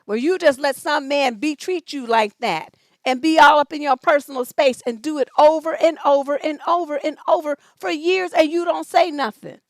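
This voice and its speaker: A woman's voice: high-pitched, moderate pace, no echo. A woman relationship coach answering viewer questions in a casual livestream, blunt and profane, joking as she reads the questions aloud. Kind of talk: casual livestream advice chat.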